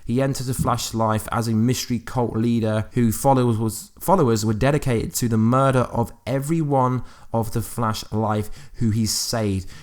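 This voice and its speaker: Man musing over fan theories. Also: mid-range voice. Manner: reads quotes aloud, then muses with fillers and restarts. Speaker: YouTube fan channel host. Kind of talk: casual commentary on TV news.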